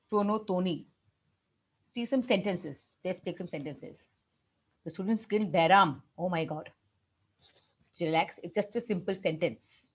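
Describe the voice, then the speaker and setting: Indian-accented woman, patient tutor walking through grammar rules step by step; muffled lo-fi recording. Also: medium pitch. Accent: Indian English. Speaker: French teacher. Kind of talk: classroom grammar lesson.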